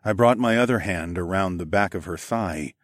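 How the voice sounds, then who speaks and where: A man with a very deep voice reads a first-person erotic audiobook. His delivery is low, intimate and unhurried, recorded dry and close to the mic. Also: no room sound. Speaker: audiobook narrator.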